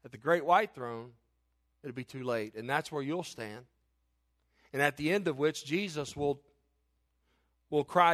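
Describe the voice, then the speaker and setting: An impassioned middle-aged male preacher with a high-pitched voice. He reads scripture aloud and presses his hearers, his voice climbing and swelling toward near-shouts when he drives a point home. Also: normal speed. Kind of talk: sermon.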